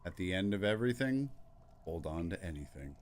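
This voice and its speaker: Low-voiced man reading game dialogue. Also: very animated, a little fast, a little hiss or hum. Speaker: let's play host.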